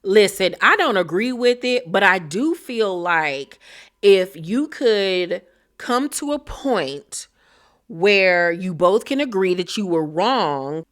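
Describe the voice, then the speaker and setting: A woman's voice: mid-range voice, animated, takes it slowly. A woman voicing a blunt, sarcastic woman who mocks and laughs at others. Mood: earnest.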